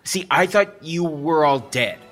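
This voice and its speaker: A man's voice: on the high side, expressive, measured pace, fairly bright tone. A man playing his character at a tabletop game, flustered and stammering. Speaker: player. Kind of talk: in-character role-play.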